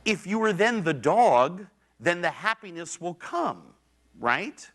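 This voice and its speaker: A man's voice: high-pitched, sing-song, slow pace, fairly bright tone. A middle-aged man giving a public lecture in a university theater, telling stories conversationally and swearing casually. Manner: conversational storytelling, acts out quoted voices.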